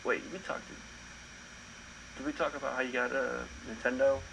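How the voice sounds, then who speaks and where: A man's voice: medium pitch, flat delivery, moderate pace, creaky, fairly bright tone, low-quality recording. A man co-hosting a podcast in casual, laid-back chat that rambles and trails off. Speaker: podcast co-host.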